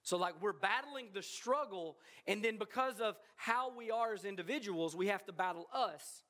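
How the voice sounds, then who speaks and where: A male pastor delivering an emphatic sermon, repeating phrases and swinging from quiet asides to shouting. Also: sits high, moderate pace.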